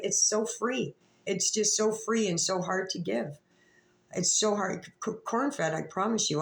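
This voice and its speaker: Woman, vlogger, lower-pitched voice, confrontational, profane, rambling, roomy echo. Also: vocal fry, slight background noise. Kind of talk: rambling direct-to-camera rant.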